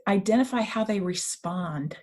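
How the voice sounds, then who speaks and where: A woman's voice: mid-range voice, lively intonation, moderate pace, darkish tone. Earnest, reflective middle-aged woman. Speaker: author and women's coach, guest. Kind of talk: casual interview conversation. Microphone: remote call.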